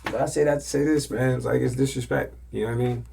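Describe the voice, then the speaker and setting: A man hosting a podcast, telling stories casually in loose slang and often dropping to a hushed whisper. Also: medium pitch, fairly even intonation, quick pace, gravelly, husky. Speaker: podcast host. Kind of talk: casual storytelling.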